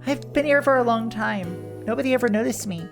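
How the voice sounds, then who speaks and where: A woman voicing a lonely young male ghost's game dialogue, reading it slowly, gravely and cryptically. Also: fairly high pitch, expressive, soft background music. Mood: solemn.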